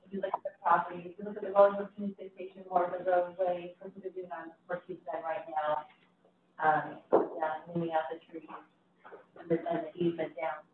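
A woman's voice: on the low side, flat delivery, brisk, slight background noise. A woman speaking at a community meeting, repeating her point insistently. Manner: repetitive and insistent. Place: city meeting room. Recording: echoey hall, far from mic, phone-like.

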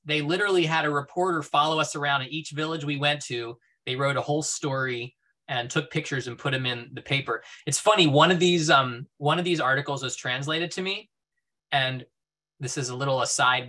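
Bright-voiced man telling travel stories. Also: on the high side. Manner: enthusiastic storytelling, heavy on "like" and "you know". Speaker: guest speaker. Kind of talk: casual presentation talk.

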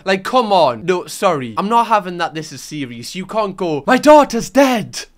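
High-voiced British man reacting incredulously. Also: very animated, fairly bright tone, soft background music. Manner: incredulous, chatty, rapid asides. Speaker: YouTube host. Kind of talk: reaction commentary.

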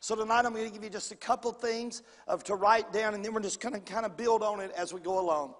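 Quick-paced and steady, a pastor with a high, fairly bright voice delivers a down-home sermon in the sanctuary. He repeats phrases and asks the congregation for answers, his words trailing into a long church-hall reverb.

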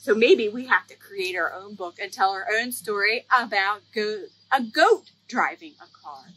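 A woman's voice: medium pitch, lively intonation, moderate pace, a bit bright, slightly rough. A woman hosting a children's library storytime, playful and sing-song as she reads aloud and leads rhymes.

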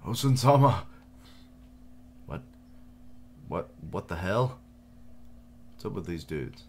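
A man with a deep voice gives relaxed, unhurried reaction commentary, his pitch swinging expressively as he jokes and swears. A faint noise floor sits behind his voice. He reads lines aloud between his comments. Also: creaky. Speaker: manga reaction streamer.

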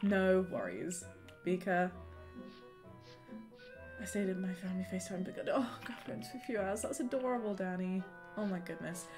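A woman's voice: medium pitch, expressive, moderate pace, long pauses. A young woman chatting bubbly and casual with viewers during a live gaming stream at home, greeting them by name. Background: game music.

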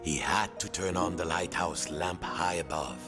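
A man's voice: low voice, steady tone, unhurried, loud music behind the voice. A man narrating a game story in a playful, theatrical storybook manner.

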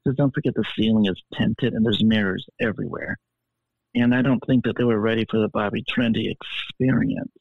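A man's voice: lowish voice, fairly even intonation, fairly quick, dry recording. A man telling stories as a podcast guest in a flamboyant, theatrical way, heard over a thin phone-like connection. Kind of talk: animated storytelling. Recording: tinny phone-like line.

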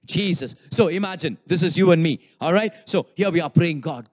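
Animated high-voiced male pastor preaching. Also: moderate pace, hardly any pauses. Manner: animated, acts out congregants' inner thoughts with humor. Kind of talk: sermon.

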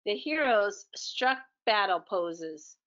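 A woman reading a children's book aloud in a gentle, expressive storytelling manner. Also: medium pitch, slow pace, highs cut off.

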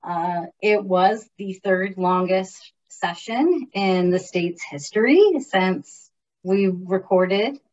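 A woman's voice: mid-range voice, slow, a little mellow, recorded from a distance, muffled recording. A woman who directs public policy, chatting informally about the legislative process with many fillers and restarts. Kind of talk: casual informational chat.

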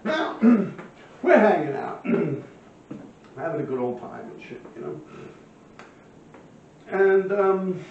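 A man's voice: fairly high pitch, big pitch swings, extremely slow, creaky, long pauses, a little hiss or hum. A man, casually telling a rambling, profane street story full of fillers. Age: 50s. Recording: echoey, distant, muffled room recording with faint ambience.

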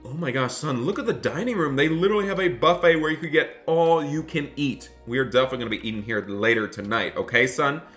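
A man playing a dad in an animated game roleplay, excitable and often scolding his son. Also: mid-range voice, fast talker, hardly any pauses, soft background music.

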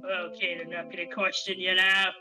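A woman voicing a bumbling, gruff male police captain in a game playthrough, blustering and bossy. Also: fairly low pitch, level tone, moderate pace, bright, forceful tone, soft background music, voice pushed down, rough recording.

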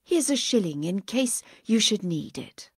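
A woman reading the part of a tired, stern middle-aged father saying a sad farewell, in a slow, breathy voice. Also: medium pitch, sing-song, dry recording, clean studio sound, heavily acted. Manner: gently firm, quietly sad.

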